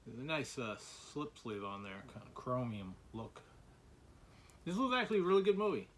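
A man showing the movies he bought in a casual vlog, talking in halting bursts full of "uh" fillers and restarts. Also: medium pitch, big pitch swings, fairly bright tone, slight background noise. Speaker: collector showing his movie purchases.

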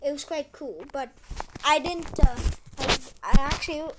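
A woman chatting casually while playing a farming game. She repeats herself often and makes an effort to speak loudly. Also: high voice, moderate pace, noisy background. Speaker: gameplay commentator. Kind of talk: casual gameplay commentary.

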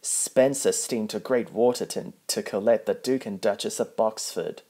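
A man's voice: on the low side, moderate pace, dark tone. A man reading a children's picture book aloud, plainly, with small slips. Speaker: storybook reader.

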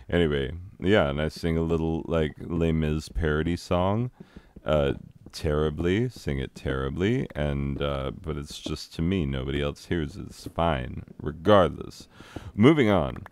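A man in his thirties rambles through a gaming commentary at an unhurried pace, his voice sitting very low. His tone is smooth and clear, and he keeps cracking self-deprecating jokes. The sound is dry and close to the microphone. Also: no room sound. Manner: self-deprecating, rambling, breaks into sung asides. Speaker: teacher and gaming vlogger. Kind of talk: rambling casual commentary over gameplay.

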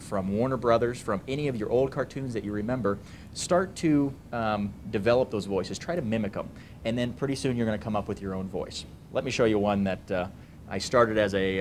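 A man with a deep bass voice teaching puppet voices in a casual, demonstrating way. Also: a little hiss or hum. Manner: casual, demonstrating, many ums. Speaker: puppetry trainer. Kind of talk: instructional talk.

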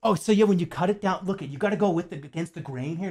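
A man's voice: high voice, animated, quick pace, a little mellow. A man in his forties streaming casually, joking and swearing as he chats to viewers while putting a puzzle together. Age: 40s. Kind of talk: casual livestream chat.

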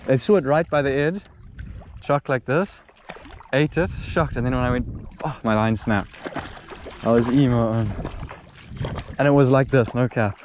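A young man from Zimbabwe filming himself fishing at a small dam, talking casually and excitedly, shouting out at one moment and murmuring the next. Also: mid-range voice, a little slow, pauses often. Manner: excitable, exclaims and drops to murmurs. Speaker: angler vlogger. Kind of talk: casual outdoor fishing vlog. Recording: outdoor recording with faint background noise.

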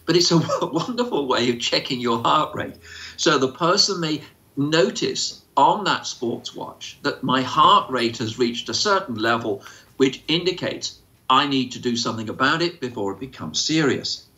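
A man's voice: mid-range voice, animated, moderate pace, bright, forceful tone. A man who answers questions as an autism expert, speaking informally with many fillers and acting out quoted voices. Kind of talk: informal explanatory talk. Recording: slightly dull lo-fi sound.

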